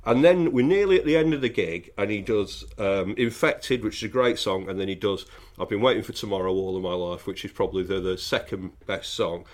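A man's voice: on the low side, a little fast, hardly any pauses. A man, co-hosting a podcast and telling a long, wry anecdote in casual chat. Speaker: podcast co-host.

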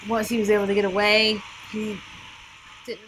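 A woman playing a tabletop role-playing game, eager and laughing as she pitches plans in character. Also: flat delivery, normal speed, a bit bright, a little hiss or hum, low-quality recording. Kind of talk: casual in-character game chat.

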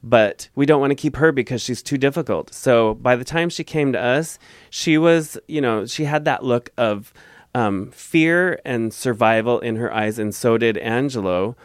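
A man's voice: mid-range voice, normal speed, no echo. A man guest telling a heartfelt family story in a casual interview, earnest and rambling, on a close mic.

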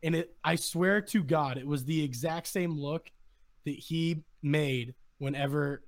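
Animated young man telling a story. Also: on the high side, a little slow. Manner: excited, animated retelling with quoted voices. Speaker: podcast host. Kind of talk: casual storytelling chat.

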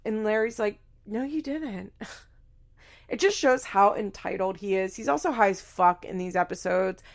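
A woman's voice: mid-range voice, moderate pace. A woman hosting a casual recap, speaking bluntly, swearing freely and acting out quoted lines. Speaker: podcast host recapping a reality show. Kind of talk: casual commentary.

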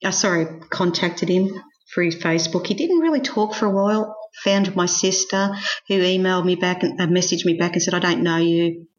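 A woman's voice: on the low side, a little fast. Frank, laughing woman. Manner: frank, self-mocking, laughs often. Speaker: guest. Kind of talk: personal storytelling interview. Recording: slightly dull lo-fi sound.

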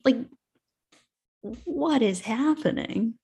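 A woman's voice: fairly high pitch, expressive, drawn-out words, mellow, slightly rough. A young woman co-hosting a podcast, chatting casually and rambling, with "like" in most sentences. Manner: rambling, leans heavily on "like". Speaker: podcast co-host. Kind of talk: casual chat.

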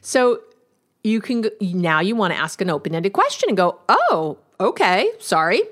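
A woman's voice: medium pitch, expressive, normal speed. A woman therapist hosting a podcast, explaining relationship tools in a casual, conversational way and acting out sample exchanges. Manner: conversational, acts out quoted exchanges, laughs now and then. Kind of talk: instructional podcast monologue.

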